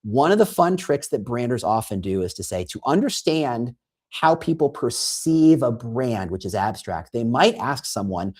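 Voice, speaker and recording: A man guest on a podcast, explaining in an animated conversational way and acting out quoted prompts and reactions. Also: mid-range voice, normal speed, slightly rough. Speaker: guest, recruiting consultant.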